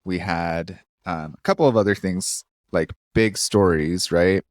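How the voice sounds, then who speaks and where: Chill guy co-hosting a podcast, lowish voice, lots of laughing, dry close mic. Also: measured pace, dry recording. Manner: laid-back, laughs often. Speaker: podcast co-host. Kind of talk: casual chat.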